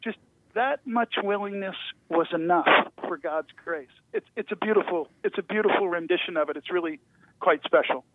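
Guest man on a phone line: higher voice, stammers and restarts, dry and tinny. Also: normal speed, slight background noise. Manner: stammering restarts, animated storytelling. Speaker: guest actor. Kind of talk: casual interview chat.

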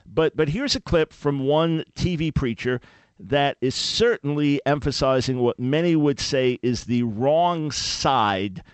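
A man's voice: mid-range voice, expressive, measured pace, clear, resonant tone, dry recording. A man hosting a call-in radio show, speaking in an earnest, emphatic way. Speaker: radio talk show host. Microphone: studio microphone.

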